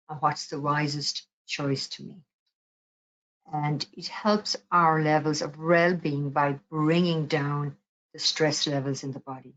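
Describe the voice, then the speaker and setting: A woman teaching mindfulness, explaining calmly and gently with soft pauses before leading a meditation. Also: deep voice, muffled recording. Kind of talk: guided mindfulness talk.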